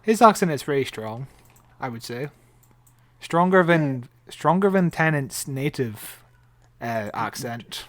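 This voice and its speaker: A man's voice: mid-range voice, expressive, takes it slowly, a bit bright, dry recording. A Scottish man co-hosting a podcast, chatting casually about a TV episode with joking, chuckling asides. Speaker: podcast co-host. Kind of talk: casual chat reviewing a TV episode.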